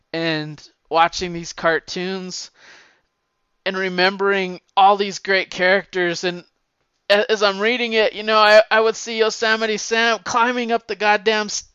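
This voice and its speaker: A man's voice: sits high, bright, forceful tone, clear, resonant tone, no echo, dull audio. A man talking casually and at length about comic books, rambling with stammered restarts and swearing freely. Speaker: comic book fan talking to a friend. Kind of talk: casual chat.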